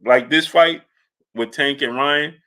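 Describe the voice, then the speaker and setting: Casting note: a man with a bright, forceful voice hosting a laid-back sports stream, telling rambling stories and greeting chat viewers. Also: on the high side, slow. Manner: loose storytelling, shouting out chat viewers by name. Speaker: livestream sports show host. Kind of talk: casual live-stream chat.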